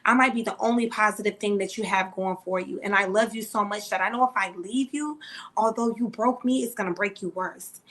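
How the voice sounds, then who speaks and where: A woman's voice: mid-range voice, fairly bright tone. A woman co-hosting a podcast, talking candidly and emphatically about her own experience in casual chat. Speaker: podcast co-host.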